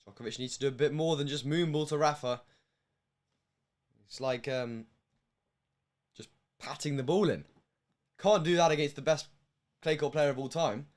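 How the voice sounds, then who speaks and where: A young man from the United Kingdom commentating a match on a live stream, emotional, with hushed stretches and loud bursts. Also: on the high side.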